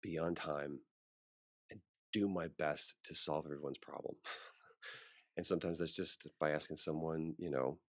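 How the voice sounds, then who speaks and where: Male voice actor, deep and dry-miked, a relaxed interview guest who brings his anecdotes to life. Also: normal speed, pauses often, dry recording. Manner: animated storyteller acting out quoted voices. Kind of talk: casual interview storytelling.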